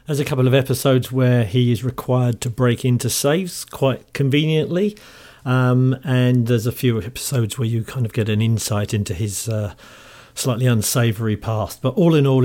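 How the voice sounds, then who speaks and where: A man with a London Cockney accent presents the show in a chatty, relaxed way, with amused, fond asides. His voice sits at an ordinary middle pitch. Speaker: podcast host. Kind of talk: casual enthusiastic commentary.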